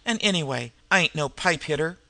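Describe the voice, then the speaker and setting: A man's voice: fairly high pitch, expressive, brisk, creaky, pushed and bright, no echo, heavily acted. A man voicing a complacent street crook who talks in airy, eager slang in a storybook reading. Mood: breezy.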